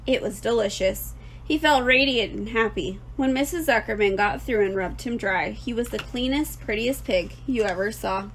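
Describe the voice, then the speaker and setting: A woman teacher reading a children's book aloud with clear, expressive storytelling. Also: medium pitch, slight background noise.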